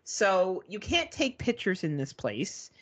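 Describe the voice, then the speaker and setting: A woman co-hosting a podcast, telling a story in casual chat, animated and swearing, mimicking beeps. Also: mid-range voice, takes it slowly, slightly rough. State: arm in a sling. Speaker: podcast co-host.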